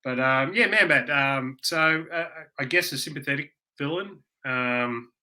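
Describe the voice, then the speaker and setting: An Australian man co-hosting a podcast in casual chat, with a very bright, forceful tone. He rambles in a relaxed, conversational way. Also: medium pitch, a little slow. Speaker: podcast co-host.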